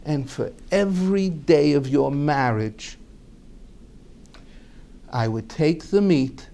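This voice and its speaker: A man voicing a calm, secretive wife who confides quietly and firmly. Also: a little high, slow, vocal fry, exaggerated voice.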